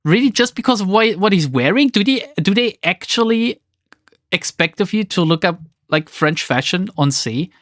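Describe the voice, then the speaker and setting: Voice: medium pitch, lively intonation, moderate pace, a bit bright, no room sound, studio quality. A streamer giving casual let's play commentary in an exasperated, sarcastic tone, often swearing.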